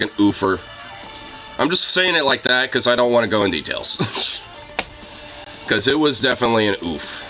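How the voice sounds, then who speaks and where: A young man talks to his viewers in loose, rambling chat, swearing and filling every pause with "like." His voice is bright and swings up and down a lot. Faint music plays underneath. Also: medium pitch, rough recording. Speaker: streamer chatting with viewers. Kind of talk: casual chat.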